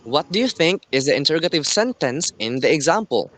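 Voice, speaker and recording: A man teaching a class, explaining slowly and deliberately and often checking in with "okay". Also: a little high, very animated, a bit bright. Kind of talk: classroom lesson.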